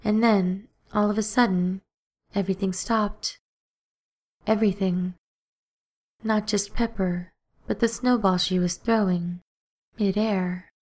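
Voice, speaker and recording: A woman narrating an audiobook in a steady, even storytelling manner. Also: medium pitch, slow, pauses often.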